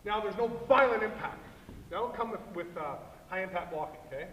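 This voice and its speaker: A man explains blocking technique at a coaching clinic, driving his points home and pausing for "okay?" His voice sits high for a man. He is recorded from across a large hall with a long, roomy echo. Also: lively intonation, fairly bright tone. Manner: emphatic, repetitive, frequent "okay?". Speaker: football line coach. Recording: echoey hall, far from mic, noisy.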